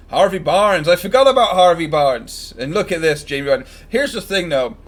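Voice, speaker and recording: A man chatting casually and joking while commenting live on a football match he is watching for his stream. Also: on the high side. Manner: chatty, joking, fan-biased predictions.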